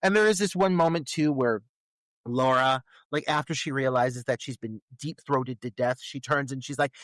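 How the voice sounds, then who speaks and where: A man co-hosting a podcast, giving casual and candid film commentary with crude humor and frequent hesitant pauses. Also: medium pitch, a bit bright, dry recording, studio quality. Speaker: podcast co-host.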